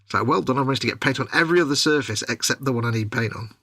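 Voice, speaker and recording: A man's voice: medium pitch, racing, bright, forceful tone, no echo, studio quality. A man chatting casually while painting a model, laughing along and teasing his friend. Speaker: co-host of a model-building stream.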